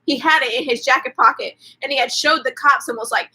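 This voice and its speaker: High, husky-voiced woman recapping a movie. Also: fast talker, bright, forceful tone, poor audio. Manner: chatty, profane, lots of "like" fillers. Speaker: host. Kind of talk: casual movie recap on a livestream.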